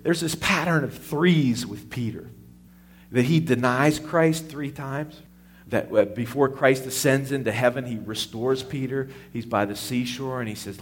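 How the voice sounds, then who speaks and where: A man's voice: mid-range voice, normal speed, a little hiss or hum. A male pastor preaching a sermon, with call-and-response asides to his congregation.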